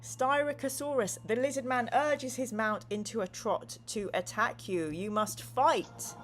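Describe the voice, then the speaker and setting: With soft music in the background, the woman speaks a little slowly at medium pitch with lively intonation. In this relaxed gamebook playthrough, she reads viewer comments aloud playfully and narrates dramatically.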